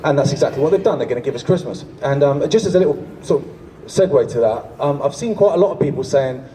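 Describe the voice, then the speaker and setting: A man's voice: fairly high pitch, expressive, quick pace, few pauses, warm tone. A man with a British English accent giving a punchy public speech to a crowd. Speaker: speaker at a rally. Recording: distant mic with faint outdoor ambience.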